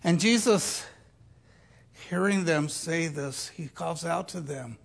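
Slow, gravelly older preacher. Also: male voice, fairly high pitch. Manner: slow, deliberate, dropping to quiet asides. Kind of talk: sermon.

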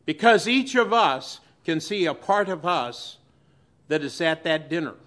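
A male pastor preaching a sermon to his church. He pauses dramatically and swings between loud and hushed delivery. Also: fairly high pitch, animated.

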